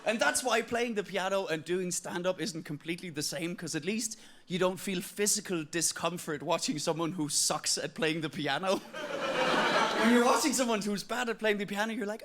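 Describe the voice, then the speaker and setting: A man's voice: sits high, moderate pace, a bit bright, a little hiss or hum. A Danish man doing stand-up in English with an Irish-tinged accent, self-mocking and acting out voices. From Denmark. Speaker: stand-up comedian. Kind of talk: stand-up set.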